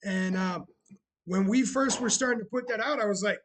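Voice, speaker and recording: Man, casual live-stream chat, sarcastic, talkative, slightly husky. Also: extremely high pitch, expressive, moderate pace, poor audio. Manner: chatty and sarcastic, shouting greetings to viewers. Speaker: streamer running a bar roleplay channel.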